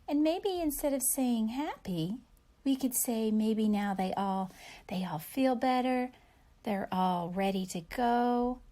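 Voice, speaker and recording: A young woman teacher reading a picture book aloud to young children, pausing to ask gentle questions. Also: mid-range voice. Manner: gentle, animated storybook reading with questions to kids.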